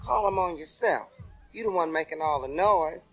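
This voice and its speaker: An actor playing an exasperated family member giving curt, sharp retorts, heard in a film clip with music behind. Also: male voice, a little high, moderate pace, dull audio.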